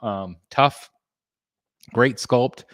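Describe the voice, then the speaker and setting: A man's voice: medium pitch, very slow, a bit bright, dry recording, clean studio sound. A man hosting a casual collectors' livestream, reading chat messages and answering in a rambling way with many ums and restarts. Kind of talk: casual live-stream chat.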